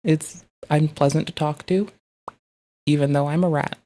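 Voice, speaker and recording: A woman's voice: low-pitched, fairly even intonation, moderate pace, mellow. A woman streamer chatting casually and bluntly, swearing freely and rambling as she reacts to old clips.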